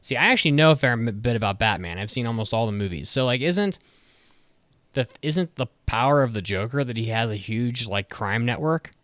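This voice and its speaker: A man's voice: medium pitch, expressive, fairly quick, a bit bright, no room sound. A man co-hosting a podcast, chatting casually, blunt and swearing often. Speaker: podcast co-host. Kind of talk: casual chat.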